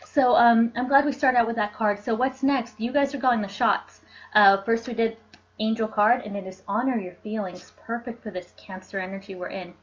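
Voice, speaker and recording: A woman's voice: on the high side, fairly even intonation, moderate pace, highs cut off. A woman hosting a live oracle card reading, chatty and bubbly, laughing often and answering viewer comments.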